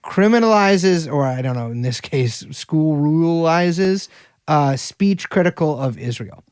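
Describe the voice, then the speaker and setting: A man co-hosts a casual political podcast, wry and profane as he thinks out loud. His voice sits a bit higher than most men's. The recording is dry and close. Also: lively intonation, a little slow, smooth, dry recording. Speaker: podcast co-host.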